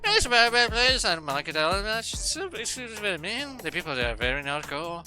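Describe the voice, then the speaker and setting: A man's voice: sits high, very animated, brisk, bright, forceful tone, soft background music. A man streaming a game, dubbing its lines and riffing in crude jokes with occasional silly voices. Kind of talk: casual gaming commentary, dubbing game lines.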